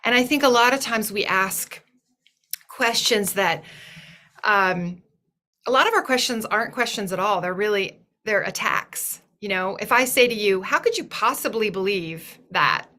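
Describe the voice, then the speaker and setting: Bright-voiced earnest woman speaker. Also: mid-range voice, unhurried. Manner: thoughtful, earnest, often restarts phrases. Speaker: webinar guest speaker. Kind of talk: reflective webinar talk.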